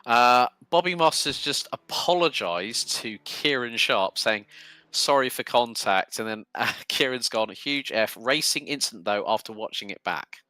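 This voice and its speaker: A man commentating a sim racing broadcast, calling the action quickly with casual fillers between remarks. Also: medium pitch, no room sound. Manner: fast, excitable play-by-play with fillers.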